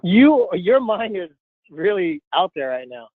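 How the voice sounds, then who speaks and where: A man co-hosting a casual podcast speaks in an excitable, giggly way, coaxing his guest along. His voice sits high, and the recording is dry and tinny, almost like a phone line. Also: a little slow, dry recording. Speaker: podcast host.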